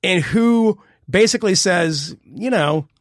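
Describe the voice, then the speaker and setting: A middle-aged man co-hosting a casual political podcast, rambling and emphatic, with sudden jumps in pitch. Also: expressive, slow pace, no room sound, studio quality. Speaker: podcast co-host.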